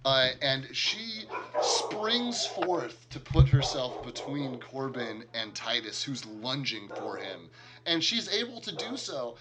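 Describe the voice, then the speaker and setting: A man's voice: medium pitch, very animated, takes it slowly, background noise. A man narrating a tabletop game as game master, talking casually with many fillers and chuckles.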